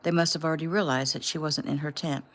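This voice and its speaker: A woman casually reading her own novel aloud at home in a plain, unhurried way. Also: low voice, fairly even intonation, fairly bright tone. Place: home room.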